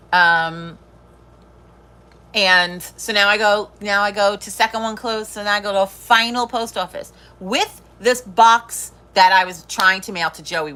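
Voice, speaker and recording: A woman's voice: medium pitch, bright, forceful tone. A middle-aged woman hosting a live stream, chatting casually, swearing freely and laughing often. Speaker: livestream host.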